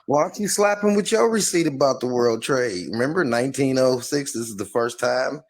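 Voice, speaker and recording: A man's voice: mid-range voice, expressive, brisk. A man hosting a casual group chat, joking around and laughing often.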